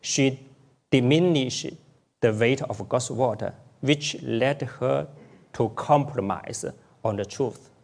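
A man's voice: mid-range voice, slow pace, gravelly, darkish tone. A man preaching a sermon, repeating key phrases to drive them home.

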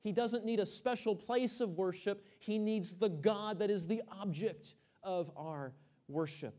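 A high-pitched male preacher from Texas delivering a sermon. He swings between loud, drawn-out emphasis and hushed, near-whispered words, posing questions to the congregation and repeating words as he restarts. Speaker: pastor.

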